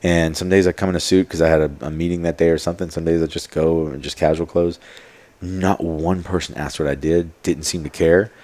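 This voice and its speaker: As a podcast guest, a man tells stories in a rambling, casual way, full of fillers and quoted asides. His low voice is brisk and a little mellow, with fairly even intonation.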